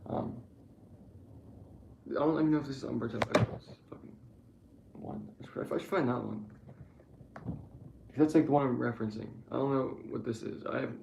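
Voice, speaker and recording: Young male streamer, gravelly voice, roomy echo, profane rambling rant with constant restarts. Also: medium pitch, normal speed, pauses often, noisy background. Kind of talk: casual rambling political rant.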